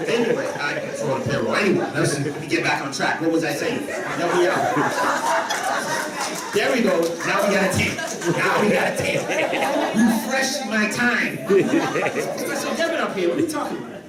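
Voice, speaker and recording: A man from the Caribbean giving a motivational business talk at a conference, animated and joking with the audience. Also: sits high. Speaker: conference speaker. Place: conference hall. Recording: echoey hall, distant mic.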